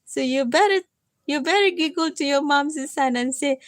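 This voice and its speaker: A tired woman chatting on a casual live stream, gently coaxing and self-mocking, often repeating her listener's name. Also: sits high, moderate pace, dry recording. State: tired from lack of sleep. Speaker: livestreamer.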